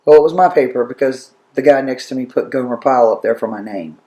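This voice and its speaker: Dark-voiced North Carolina man, echoey room. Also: mid-range voice, quick pace. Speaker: interviewee. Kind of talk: storytelling.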